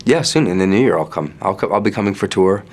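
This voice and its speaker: A male singer talking in a casual interview, chatty and playful, with quick restarts. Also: lowish voice, animated. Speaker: singer guest.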